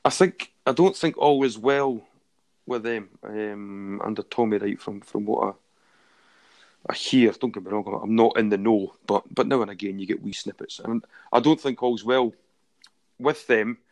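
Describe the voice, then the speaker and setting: A man's voice: on the low side, normal speed, darkish tone. A young Scottish man co-hosting a casual football podcast, laid-back and self-deprecating, often restarting his sentences. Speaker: podcast co-host.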